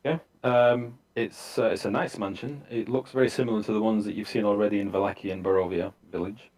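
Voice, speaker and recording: A man narrating a tabletop game as game master, in a relaxed, halting way with many fillers. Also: lowish voice.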